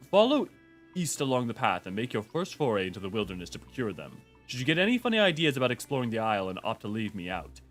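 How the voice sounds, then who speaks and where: A man's voice: mid-range voice, fairly bright tone. A man voicing a pompous, demanding little furry creature on a game stream, reading its lines in a haughty, mock-formal way. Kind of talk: reading game dialogue aloud in character.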